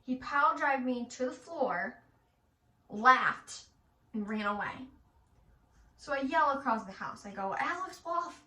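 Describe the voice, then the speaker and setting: Young Michigan mom vlogger, bright and bold, chatty and animated storyteller, recorded at some distance in an echoey room. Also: female voice, a little high, a little slow, long pauses. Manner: chatty, animated, swears casually. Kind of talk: casual storytelling while getting ready.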